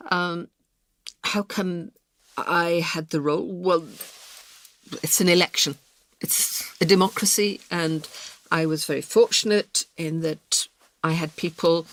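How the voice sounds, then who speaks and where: A woman's voice: lowish voice, no room sound. A woman answering interview questions in a passionate, emphatic way. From Britain. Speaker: politician, interview guest.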